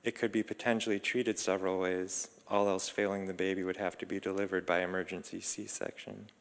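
Calm low-voiced man narrating. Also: creaky. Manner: calm, measured, introspective. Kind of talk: reflective first-person story reading. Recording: long reverb.

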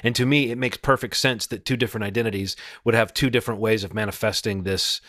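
A man's voice: fairly low pitch, steady tone, fast talker, fairly bright tone, no echo, clean studio sound. A man hosting a casual podcast chat, talking eagerly and thinking aloud with frequent restarts.

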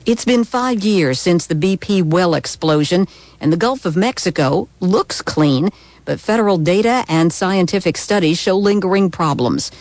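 A woman anchoring a radio newscast in a measured, formal manner. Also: fairly low pitch, lively intonation, darkish tone, dry recording. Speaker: news anchor. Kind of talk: radio news reading.

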